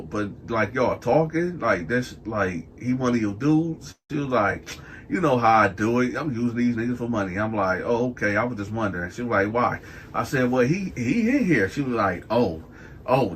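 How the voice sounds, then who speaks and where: A man spins a casual personal tale and acts out each person's lines, his voice leaping up as he quotes them. His pitch sits in the middle for a man, and faint noise hums under the recording. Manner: animated, acts out other people's lines in raised voices. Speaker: storyteller. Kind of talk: casual storytelling.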